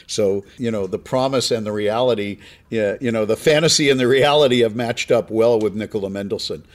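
A low-voiced man hosting a podcast, gushing and chatty with plenty of stumbling restarts. He sounds friendly and loose, thanking his guest at length. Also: brisk. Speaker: podcast host. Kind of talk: casual interview chat.

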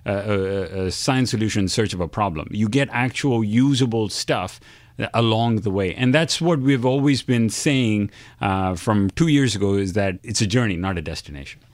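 A man with a low voice closes out his point as an interview guest, speaking deliberately. The recording is dry with no room echo. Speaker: analyst guest. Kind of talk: interview answer.

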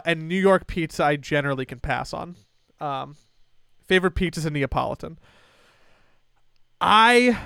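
A young man on a casual podcast, telling a story with animated stammering restarts and laughing asides. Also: on the high side, creaky, clear, resonant tone, no room sound, studio quality. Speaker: podcast co-host.

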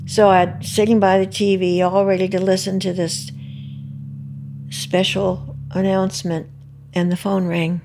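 An older woman recalling, in a halting and reflective way, how she heard terrible news. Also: medium pitch, little pitch movement, creaky, darkish tone, slight background noise. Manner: halting, reflective, pauses and restarts. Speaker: bereaved mother interviewee. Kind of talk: personal recollection.

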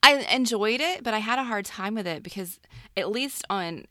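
A woman co-hosting a casual film discussion, relaxed and agreeable, laughing easily. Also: medium pitch, moderate pace, no echo, studio quality. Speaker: podcast co-host.

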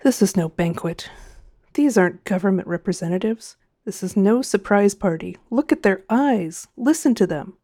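A woman's voice: medium pitch, lively intonation, moderate pace, mellow, dry recording, studio quality. A woman voicing a weary male spaceship captain who stammers out puzzled questions in a storybook reading. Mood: grim.

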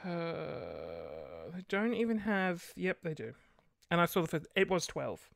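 A woman's voice: on the low side, sing-song, a little slow, creaky, no room sound, clean studio sound. A woman hosting a casual solo podcast late at night, rambling and sarcastic, muttering curses under her breath. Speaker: podcast host.

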